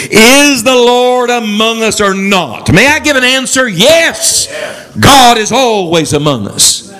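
A man preaching a sermon as a traveling preacher, leading the congregation in call-and-response. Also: poor audio. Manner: animated, swooping pitch for emphasis.

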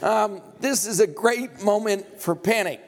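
A man's voice: high-pitched, unhurried. A male preacher delivering a sermon, retelling a scripture story with humor and acting out the dialogue.

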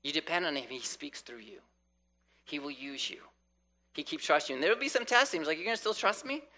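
A man delivers a sermon with a lively, swooping delivery, his voice bright and ringing. He often slips into the voices of people praying to God, then returns to teaching. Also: a little high, brisk. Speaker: preacher.

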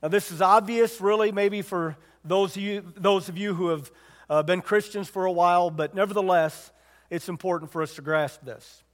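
A man's voice: high voice, fairly even intonation, normal speed, in a large hall. A man preaching a sermon in a conversational way, retelling a Bible story and asking his listeners questions. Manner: conversational, asks the congregation questions.

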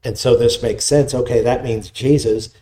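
Male pastor, mellow tone, conversational sermon delivery. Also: medium pitch, steady tone, moderate pace. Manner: explanatory, conversational preaching with restarts.

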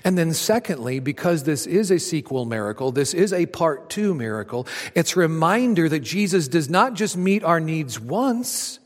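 A man preaching a sermon to a congregation, swinging between loud emphatic lines and hushed near-whispers. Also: fairly high pitch, big pitch swings, normal speed, few pauses. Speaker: pastor. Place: church auditorium. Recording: long hall reverb.

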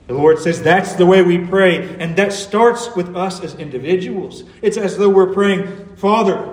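A man's voice: sits high, a little slow. A man preaching a sermon as pastor, earnest, building to emphatic peaks. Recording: echoey hall, mic at a distance.

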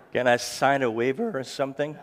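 A man speaks to a live audience in a mid-pitched voice. His speech is halting and slightly slurred, broken by fillers and restarts as he tells jokes and stories. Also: fairly bright tone. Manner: hesitant, with frequent restarts and fillers; jokey storytelling. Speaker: ministry founder giving a talk. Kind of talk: personal talk to a live audience.

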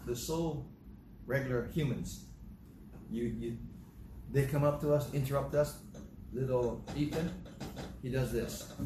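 Older male pastor, lively sermon delivery with acted-out dialogue; echoey, noisy recording. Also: mid-range voice. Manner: animated, acts out dialogue in different voices. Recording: echoey room with noticeable noise.

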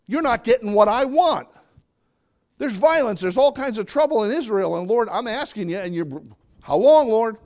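A preacher acting out an impatient Old Testament prophet, his voice pushed higher and louder as the prophet pleads with God. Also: expressive, normal speed. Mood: pleading. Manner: raised pitch, loud and urgent.

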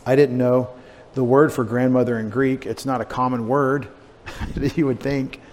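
A man's voice: mid-range voice, fairly even intonation, normal speed, a little mellow. Guy preaching a sunday sermon, chatty and rambling, church echo and faint hum behind. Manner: conversational, digressive, with fillers and asides. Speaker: pastor. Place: church sanctuary. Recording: long church reverb, faint room noise.

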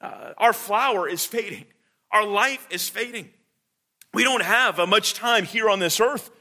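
A man preaching a sermon, earnest and halting, with many fillers and restarts. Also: high voice, pushed and bright.

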